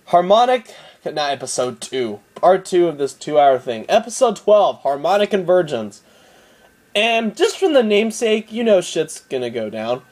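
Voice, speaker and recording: A man's voice: sits high, very animated, normal speed, darkish tone. A man giving a casual episode recap, rambling and swearing, often laughing. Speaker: show reviewer.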